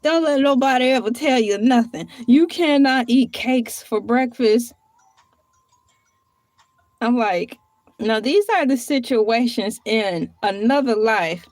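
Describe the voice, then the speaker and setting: A woman's voice: on the high side, slow pace, a little mellow, no room sound. A woman hosting a casual livestream, chatty and playful, who laughs often and drifts from one topic to the next. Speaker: livestream host.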